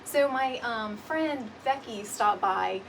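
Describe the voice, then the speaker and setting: A woman hosts a casual craft livestream from home, a little out of breath, chatting and greeting viewers by name. Her voice is on the high side, a bit bright and unhurried, picked up by a distant mic with clear background noise, including a dog barking.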